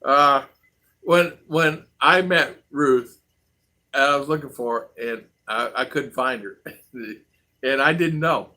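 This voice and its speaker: A man's voice: medium pitch, slow pace, pushed and bright. A middle-aged American man hosting a casual livestream, reading chat and telling stories with laughs and acted-out quotes. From United States. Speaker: vlog host reading live chat.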